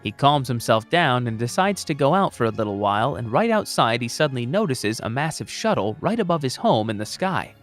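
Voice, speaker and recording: A man's voice: mid-range voice, very animated, fairly quick, few pauses, faint music behind. A man narrating a comic recap of a story, with wry, joking asides.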